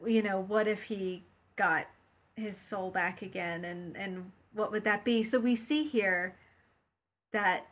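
A woman's voice: mid-range voice, fairly even intonation, slow, fairly bright tone. Chatty woman podcast co-host. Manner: chatty, rambling, frequent fillers. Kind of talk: casual chat.

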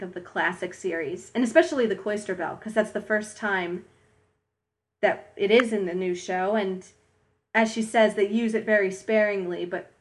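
A woman co-hosting a casual discussion, breezy and wry, offering asides. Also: mid-range voice. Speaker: podcast co-host.

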